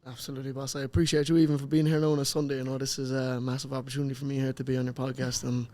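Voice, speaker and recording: A young man with an Irish accent, chatting easily as a guest on a podcast, agreeing quickly and laughing often. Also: medium pitch, flat delivery, warm tone, no echo, studio quality. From Ireland. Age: young adult. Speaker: guest boxer. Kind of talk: casual podcast chat.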